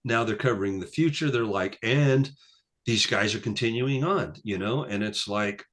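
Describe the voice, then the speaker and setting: A man in his sixties chatting as a guest musician on a casual interview, rambling with many fillers and acting out the people he quotes. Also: normal speed. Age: 60s. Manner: rambling, full of "you know" fillers; acts out quoted people with lively pitch jumps.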